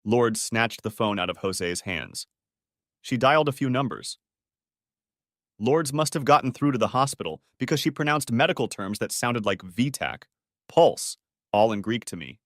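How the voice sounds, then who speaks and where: A man narrating a first-person audiobook story in a steady storytelling manner. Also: mid-range voice, unhurried, long pauses, no room sound, studio quality.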